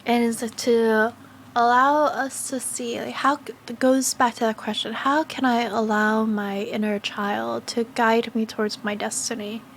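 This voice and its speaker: A woman giving a gentle, slow spiritual card reading, speaking in soft, affirming phrases with pauses and fillers. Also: on the high side, a little hiss or hum. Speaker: tarot and oracle card reader.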